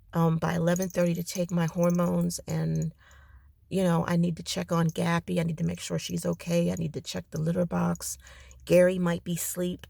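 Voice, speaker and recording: A woman's voice: fairly low pitch, gravelly, a little mellow, dry recording. A tired woman with a crackly voice chatting casually in a rambling vlog from her parked car. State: tired, ready for bed. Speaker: vlogger.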